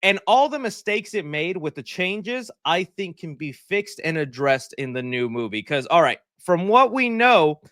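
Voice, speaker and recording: Man, livestream host, high lively voice, rambling and joking, dry close mic. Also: unhurried, few pauses, dry recording. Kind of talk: casual livestream chat. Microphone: desk mic.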